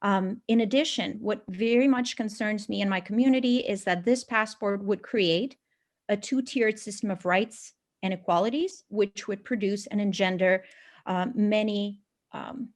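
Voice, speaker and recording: A woman from a former communist country giving a formal public comment at a meeting, pausing to search for words. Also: mid-range voice.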